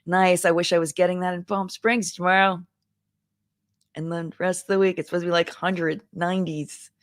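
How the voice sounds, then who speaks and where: A woman's voice: on the low side, little pitch movement, normal speed, no echo, clean studio sound. A woman, chatting casually on a live stream from her basement and reading viewer comments aloud. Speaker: YouTuber hosting a live chat. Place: home basement.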